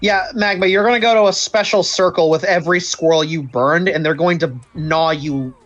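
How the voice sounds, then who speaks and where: A person casually chatting and joking over a game stream, animated and prone to mock-dramatic rants. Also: mid-range voice, moderate pace.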